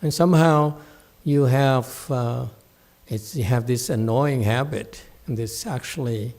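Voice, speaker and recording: A man's voice: medium pitch, unhurried, darkish tone. A man giving a Buddhist dharma talk at a temple, blunt and scolding, mocking his students' whining. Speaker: meditation teacher.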